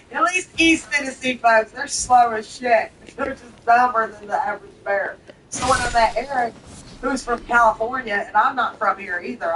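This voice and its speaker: A woman's voice: fairly high pitch, a bit bright, recorded from a distance, slight background noise, low-quality recording. A woman in her thirties with a Southern US twang, chatting casually and bluntly while playing a game, laughing often. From southern United States. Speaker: gaming streamer.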